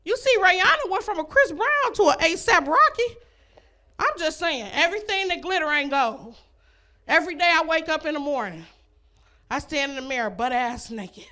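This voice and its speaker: A woman's voice: very high voice, expressive, moderate pace, bright, forceful tone. A woman performing a stand-up comedy set on a comedy club stage, brash and laughing at her own jokes.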